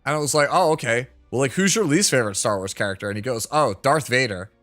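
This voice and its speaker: A man in his thirties chats casually with his stream audience in a bright, medium-pitched, animated voice, talking fast and drifting between asides with plenty of filler words. He laughs often, and faint music plays underneath.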